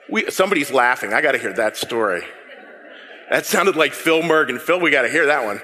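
A man preaching a sermon, animated and repeating words as he builds his point. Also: a little high, normal speed, in a large hall. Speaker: pastor.

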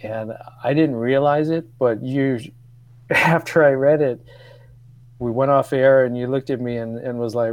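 A man's voice: mid-range voice, steady tone, measured pace, no room sound. Brief: man in his 50s, radio guest, chatty and self-mocking, close dry mic. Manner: storytelling, laughs often, hesitant restarts. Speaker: guest, former radio co-producer. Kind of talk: casual radio chat.

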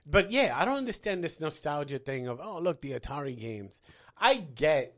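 A man's voice: fairly high pitch, very animated, normal speed. A man in a casual podcast chat, defensive and swearing a lot. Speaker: podcast co-host.

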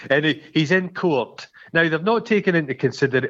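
A man's voice: on the high side, normal speed. Guy rambling and swearing about a movie, kinda dull lo-fi sound. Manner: rambling, sweary, animated retelling. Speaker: film podcast co-host. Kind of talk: casual chat.

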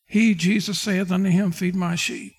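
High-voiced man preaching a sermon. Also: fairly even intonation, normal speed, breathy edge. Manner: preaching with King James quotes and dramatic retellings. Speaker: pastor.

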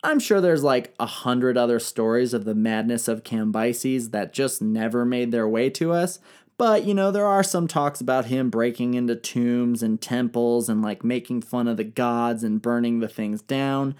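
A woman's voice: extremely low pitch, normal speed, hardly any pauses, darkish tone. A woman retelling ancient history in a comedic, irreverent style, full of slang, swearing and jokes. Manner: irreverent, profane, slangy, jokey.

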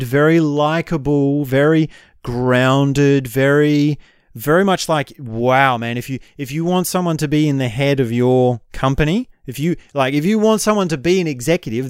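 A man's voice: a little high, clear, resonant tone, no echo, clean studio sound. A man talking straight to his own camera in a casual vlog monologue, reflective and rambling, with frequent "right?" asides. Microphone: camera mic.

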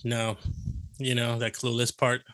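A man's voice: medium pitch, completely flat delivery, a little slow, fairly bright tone, dry recording. A man co-hosting a casual Christian podcast, laid-back, mostly chiming in with short agreeing replies. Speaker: podcast co-host.

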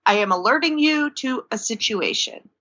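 Bright-voiced woman telling lively stories. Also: fairly high pitch, moderate pace, lo-fi sound. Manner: lively storyteller who acts out quotes. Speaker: dog trainer. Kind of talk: casual conversation.

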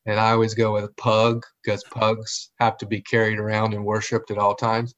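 A man's voice: lowish voice, moderate pace, few pauses. A male pastor talking casually and animatedly, often acting out what other people say. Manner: animated, acts out quoted voices. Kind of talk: casual conversation. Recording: dull lo-fi audio.

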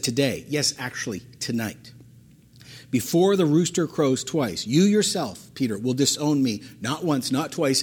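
A man preaching a sermon, animated and emphatic, repeating phrases and acting out the words of the people in his story. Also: medium pitch, breathy edge. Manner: animated, acts out quotes, emphatic repetition. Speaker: pastor.

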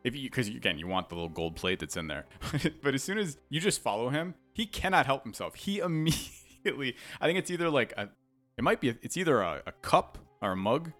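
A man co-hosting a casual video game review podcast, talking in an animated way and laughing often. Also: medium pitch, a little fast, soft background music. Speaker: podcast co-host.

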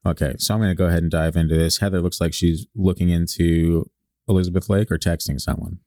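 A man's voice: deep voice, steady tone, fast, warm tone, no echo, clean studio sound. A man from Alaska co-hosting a podcast, joking and laughing as he reads an old newspaper article aloud. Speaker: podcast co-host. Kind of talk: casual chat, reading an old article aloud.

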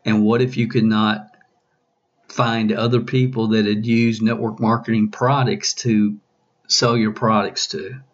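A man's voice: on the low side, level tone, unhurried, dull audio. A male coach hosting a podcast, asking his listeners question after question and often restarting his sentences. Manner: probing, repeats questions, many restarts. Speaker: business coach.

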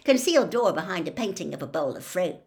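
A woman's voice: fairly low pitch, big pitch swings, fast, darkish tone. A woman doing a cheeky teenage prankster boy. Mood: teasing. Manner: cheeky, jokey.

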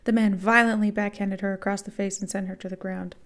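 A woman's voice: medium pitch, flat delivery, fairly quick. A woman podcast host reading fan fiction aloud and breaking off with wry, sarcastic asides.

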